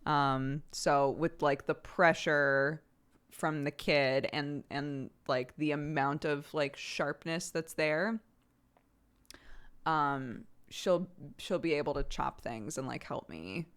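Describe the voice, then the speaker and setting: Chatty woman streamer with a smooth, lowish voice. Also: takes it slowly, fairly bright tone. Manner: chatty, rambling with many restarts. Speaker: livestreamer. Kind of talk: casual chat answering viewer questions.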